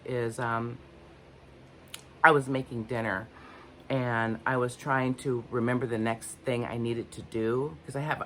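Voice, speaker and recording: A woman's voice: very deep voice, fairly bright tone, slight background noise. An older woman vlogging unscripted, candid and rambling, often searching for her words. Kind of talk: unscripted personal talk to camera.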